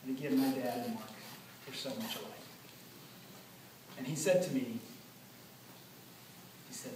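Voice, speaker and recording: Man, earnest memorial speech, mid-pitched voice, noisy background, heard from far off. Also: steady tone. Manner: earnest, storytelling, pauses often. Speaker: son giving a memorial speech. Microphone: far from the recording mic. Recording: echoey hall from far off, noisy.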